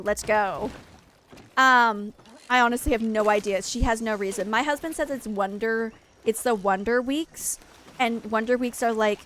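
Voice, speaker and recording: Her voice is medium-pitched and a bit bright as this young adult woman hosts a game stream with slight background noise. She chats casually while playing, rambling, saying "like" a lot, and frequently starting over.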